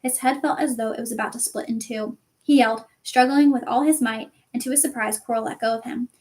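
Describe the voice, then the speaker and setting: Woman reading a story aloud, expressive. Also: fairly high pitch, fairly quick. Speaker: audiobook reader.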